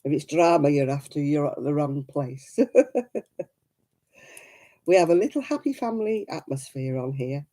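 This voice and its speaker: A woman's voice: low-pitched, lively intonation, moderate pace, pauses often, warm tone. A middle-aged woman with a Lancashire accent and a cough, chatting casually on her crafting live stream, laughing and greeting viewers by name. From Lancashire, England. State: coughing, rough throat. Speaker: crafting livestream host.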